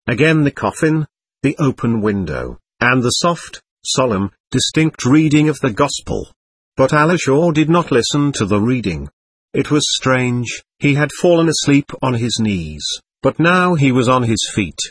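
A man narrating a literary audiobook in an expressive, dramatic reading. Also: mid-range voice, slightly rough, no echo.

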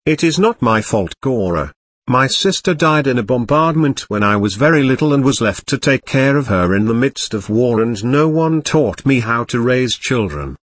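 A man's voice: medium pitch, lively intonation, moderate pace, no echo, natural voice. A man voicing a fretful middle-aged aunt who is easily shocked, speaking in a flustered way in a read-aloud story.

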